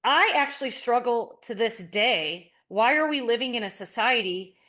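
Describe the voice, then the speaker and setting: A woman's voice: fairly high pitch, lively intonation, moderate pace, pushed and bright. A woman guest on a podcast, telling a personal story in a heartfelt, sincere way. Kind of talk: casual conversation.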